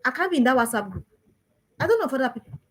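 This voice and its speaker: A woman's voice: high-pitched, very animated, rapid-fire, a bit bright, faint music behind, rough recording. A woman, a parenting coach giving an emphatic talk to parents and repeating phrases for stress.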